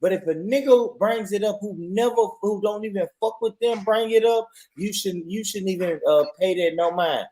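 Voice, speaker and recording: High-voiced man debating. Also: moderate pace, few pauses, darkish tone. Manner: insistent, repeats himself, stammers into points. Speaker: stream guest. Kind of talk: casual live stream debate.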